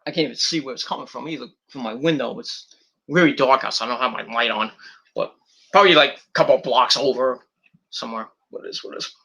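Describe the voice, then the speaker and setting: A man's voice: medium pitch, fairly quick, pushed and bright, slightly rough. A man hosting a podcast in a casual, rambling monologue, blunt and profane, full of fillers, talking from home at night. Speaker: podcast host.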